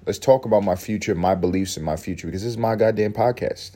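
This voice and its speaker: A man's voice: fairly low pitch, quick pace, mellow. A man hosting a solo podcast, musing aloud in a profane, rambling way and laughing often. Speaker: podcast host.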